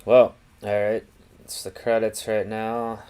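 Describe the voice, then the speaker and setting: A man's voice: on the low side, monotone, takes it slowly, mellow, smooth. A man reviewing a film on a casual live stream, thinking aloud and restarting his sentences with many fillers.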